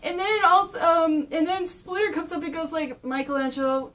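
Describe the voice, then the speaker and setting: A young woman giving a casual comic recap as a gushing, excitable fan. Her voice is high. She sounds a little distant from the microphone. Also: moderate pace. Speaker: comic reviewer.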